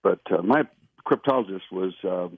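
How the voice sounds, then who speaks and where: A man's voice: low-pitched, moderate pace, husky, dry recording. A man being interviewed, telling his stories in an earnest, emphatic way. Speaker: interview guest. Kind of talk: phone-in interview storytelling. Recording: tinny phone line, dry.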